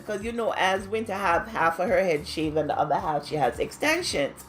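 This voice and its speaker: A woman giving a casual, chatty recap of a reality show, gossiping and acting out quotes in high squealing voices. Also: very animated, normal speed, soft background music. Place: home, New York.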